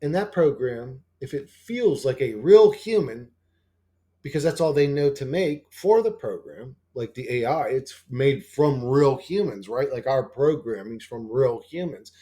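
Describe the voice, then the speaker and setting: A man's voice: lively intonation, unhurried, warm tone. A man rambling casually as a channel host, swearing often and full of fillers and restarts. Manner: acts out quoted dialogue in a higher voice.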